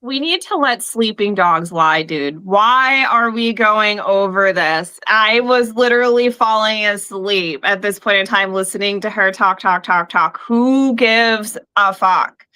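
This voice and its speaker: A woman's voice: fairly high pitch, bright, forceful tone. A young woman panelist in a casual political chat, blunt, profane and dismissive.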